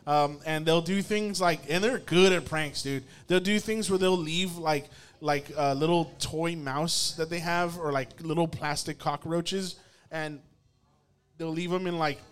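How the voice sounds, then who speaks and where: A young man telling a story casually, animated and swearing, laughing often and restarting his sentences. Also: a little high, measured pace, clean tone.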